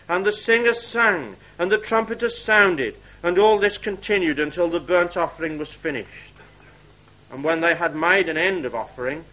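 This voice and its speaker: A man preaching a sermon, reading scripture aloud in old wording and dropping to quiet asides to the congregation. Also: high voice, moderate pace, rough recording.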